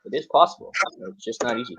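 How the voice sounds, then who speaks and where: A Canadian man hosting a pool tournament livestream, relaxed and joking, with many fillers. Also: mid-range voice, fast, slightly rough, no room sound, low-quality recording. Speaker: tournament host. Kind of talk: livestream commentary.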